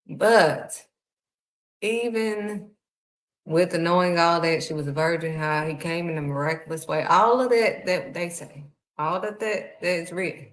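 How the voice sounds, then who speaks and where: A woman's voice: lowish voice, measured pace. A woman, preaching a sermon in a heartfelt, conversational way. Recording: echoey room.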